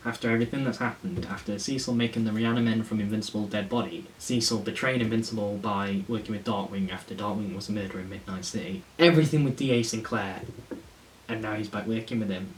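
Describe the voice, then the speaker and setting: A man with a fairly low, fast voice rambles enthusiastically through a casual comic review, swearing whenever he gets worked up. The recording has a faint hiss and a slightly distant mic.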